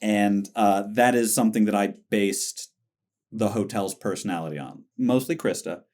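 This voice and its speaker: A man's voice: on the low side, moderate pace, darkish tone. A man co-hosting a podcast, chatting in a breezy, rambling way. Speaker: podcast co-host. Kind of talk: casual chat.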